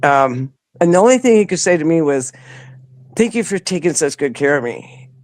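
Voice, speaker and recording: A woman's voice: low voice, expressive, moderate pace, a little mellow, no room sound. A woman in a conversational interview, telling her story in a loose, rambling way. She often restarts her sentences and lifts her voice when she replays what people said. The recording is close and dry, with no room sound. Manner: acts out quoted dialogue with a rising voice. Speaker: interview guest.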